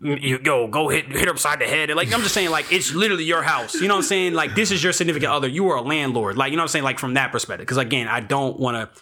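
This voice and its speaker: A young man with a bright, forceful voice that sits a little high for a man. He tells a rambling story among friends in casual chat, full of swearing and restarts. He is animated and unfiltered. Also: rapid-fire, hardly any pauses.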